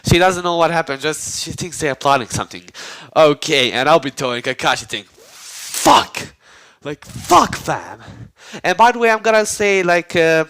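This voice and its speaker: A man's voice: on the high side, animated, brisk, a bit bright, clean tone, low-quality recording. A man casually retelling a fan-made story, rambling, cursing and full of slang and fillers.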